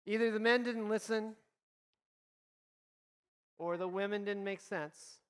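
A man's voice: high-pitched, steady tone, slow pace, clean tone. A man preaching a sermon as a pastor, reading scripture and acting out imagined conversations in a conversational way. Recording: reverberant hall.

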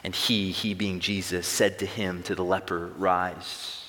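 A man's voice: deep voice, little pitch movement, normal speed, bright, forceful tone. A young man preaching a sermon to a large room, emphatic and building intensity on key phrases. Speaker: pastor. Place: large room with long reverb. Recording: echoey hall reverb.

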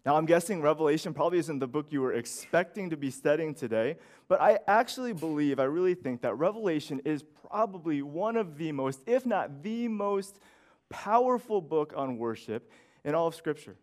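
A man's voice: a little high, expressive, normal speed. A man in his thirties preaching a sermon as pastor, earnest and conversational, often checking in with "you know" and "right?".

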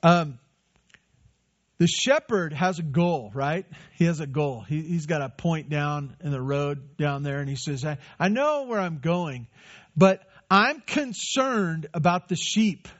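A man's voice: fairly high pitch, slow, muffled recording. A man preaching a sermon in a conversational way, asking rhetorical questions and answering them. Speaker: pastor.

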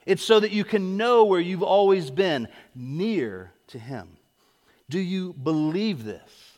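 A man's voice: sits high, lively intonation, takes it slowly, darkish tone. A man preaching a sermon as pastor, driving his points home with repeated questions and calls to come forward. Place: church sanctuary. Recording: echoey hall.

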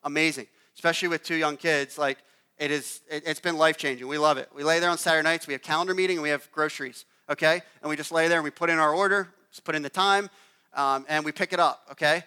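A man in his thirties gives a relaxed, storytelling sermon, often checking in with the congregation with a quick "okay?". His voice is bright and smooth, a little higher than most men's. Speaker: pastor. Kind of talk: conversational sermon.

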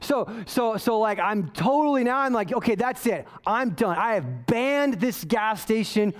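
A pastor telling a self-mocking story in a sermon, animated and often asking "right?". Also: male voice, high-pitched, measured pace. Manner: self-mocking, waves arms while talking.

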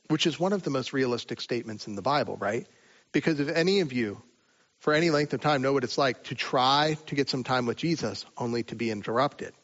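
A man preaching a sermon in a relaxed, conversational way, with rhetorical asides to the listeners. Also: mid-range voice, lo-fi sound. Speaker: pastor.

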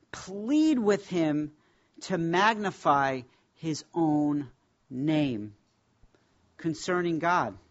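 A man teaching a Bible class, speaking in an emphatic, reverent way and slowing down to stress key words. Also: fairly high pitch, highs cut off.

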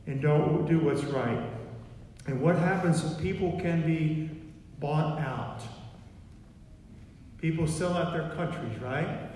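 Man, pastor, emphatic repetitive sermon, reverberant hall, faint background rumble. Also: a little mellow. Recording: echoey hall from far off.

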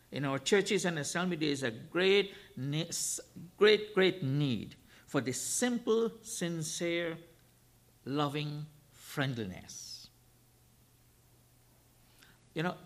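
A male guest preacher with a high, bright, forceful voice. He delivers his sermon emphatically, driving points home by repeating phrases and firing rhetorical questions at the congregation.

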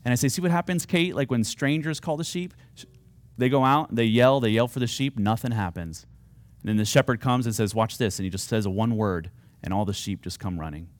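A man's voice: medium pitch, a little fast, no echo. A man preaching a sermon, earnest and at times rising to fervent, pleading appeals. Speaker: pastor.

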